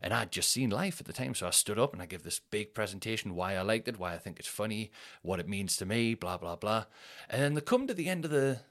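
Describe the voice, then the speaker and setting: A man's voice: fairly low pitch, animated, quick pace, a bit bright. A man, telling rambling, sweary comic stories as a podcast host. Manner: rambling, swears, laughs at his own stories. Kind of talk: casual comic storytelling.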